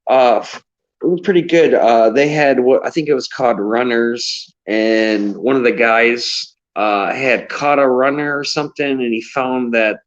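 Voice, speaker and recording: A man's voice: mid-range voice, steady tone, unhurried. A man over thirty chatting casually on a live stream, hesitant, often stammering and restarting. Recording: dull, lo-fi sound.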